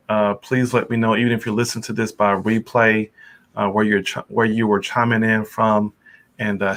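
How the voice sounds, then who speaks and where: A man's voice: lowish voice, a bit bright. A man hosting a live-stream interview over a video call, encouraging and often giving short affirmations. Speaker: host.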